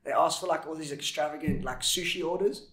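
A man's voice: fairly high pitch, a little fast, a bit bright. A man chatting casually on a podcast, laid back and full of fillers. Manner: laid-back, lots of fillers, says "yo" and "dude". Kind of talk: casual chat. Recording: roomy echo.

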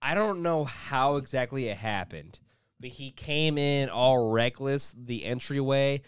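A young man co-hosting a podcast, telling a story in casual chat, swearing freely and acting out shouts and cries. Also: medium pitch, measured pace, clean tone, dry recording, studio quality. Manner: animated storyteller, acts out yelling and crying voices, swears a lot. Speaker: podcast co-host.

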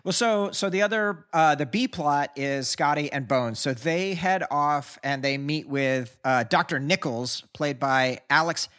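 A man's voice: fairly high pitch, unhurried, few pauses, a bit bright. A man co-hosting a podcast, guiding the recap of a movie in loose, agreeable casual chat. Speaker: podcast co-host.

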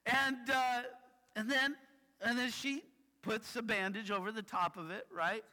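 A male pastor with a high, bright, forward voice, preaching in a casual, chatty way. He keeps tagging lines with "right?" as he tells his stories. His voice carries with a long echo through a large hall. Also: fairly even intonation, a little slow. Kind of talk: sermon with personal stories. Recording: reverberant hall.

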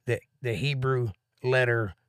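A man teaching a live Bible study at an average pitch, his voice close and dry with no room echo. He rambles excitedly as he thinks aloud and sounds a little out of breath. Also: unhurried, smooth.

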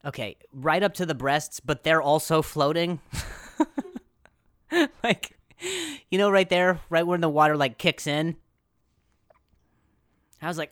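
A man hosting a podcast, telling a comic story in an animated, self-deprecating way, laughing often and jumping into high put-on voices for quotes. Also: measured pace, pauses often, clean tone, dry recording, studio quality. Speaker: podcast host. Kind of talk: comedic storytelling.

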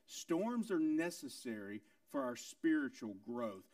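A male pastor preaching a sermon with emphatic rhetorical questions and repeated phrases, moving between loud, high lines and quiet, low ones. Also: expressive, measured pace, no room sound, distant mic.

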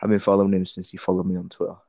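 A man's voice: low voice, monotone, rapid-fire, gravelly, mellow, no room sound. A man co-hosting a casual podcast, giving blunt, sweary opinions on fighters. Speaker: podcast co-host. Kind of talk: casual chat.

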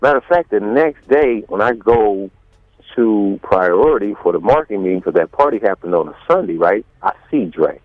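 A man's voice: lowish voice, lively intonation, moderate pace, no echo. Rambling man on a tinny phone line. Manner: rambling with many fillers and restarts, acts out quotes. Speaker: guest. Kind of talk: storytelling in an interview.

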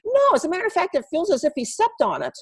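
A woman's voice: very high voice, wildly swooping pitch, fast talker, fairly bright tone, pitched above the performer's own voice, exaggerated voice. A woman imitating a surprised female student in a sharply raised voice.

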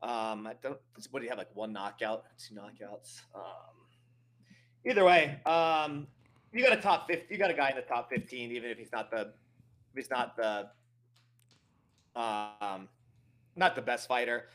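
A man co-hosting a fight-picks show, talking hesitantly with many pauses and fillers. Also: mid-range voice, a bit bright. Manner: hesitant, full of ums. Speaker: regular co-host. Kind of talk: casual betting chat.

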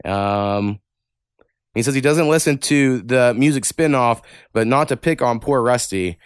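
A man's voice: medium pitch, measured pace, clean tone, no echo, studio quality. A man hosting a casual podcast, reading listener emails aloud and ranting bluntly with plenty of cussing. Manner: blunt, heavy cussing, animated rants. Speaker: podcast host.

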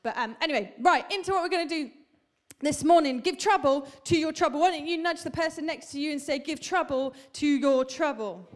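A woman's voice: high voice, fast. A woman in her thirties preaching a sermon to a congregation, chatty and humorous, telling stories and asking the room questions. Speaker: pastor. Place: church hall.

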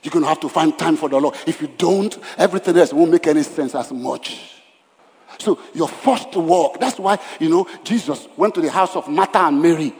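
Emphatic preaching pastor in a reverberant hall. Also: male voice, a little high, a little fast, few pauses. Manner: emphatic, swings between loud and hushed. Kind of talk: sermon.

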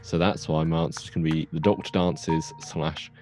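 A man's voice: very deep voice, level tone, darkish tone, faint music behind. A young man co-hosting a podcast, recapping a plot in a rambling, jokey way. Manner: rambling, jokey storytelling with quick asides. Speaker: podcast co-host.

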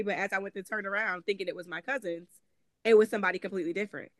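In this interview, a guest author from Connecticut shares personal stories in her local accent, talking very fast with a mid-range, fairly bright voice and fairly even intonation. She's frank and chatty, full of "um" and "like," and she performs the voices of people she quotes. There's no room echo; the sound is dry.

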